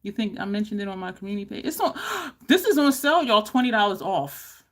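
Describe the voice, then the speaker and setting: A woman beauty vlogger chatting to camera, animated and laughing often, with high exclaimed reactions. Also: fairly quick. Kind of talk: casual chat to camera.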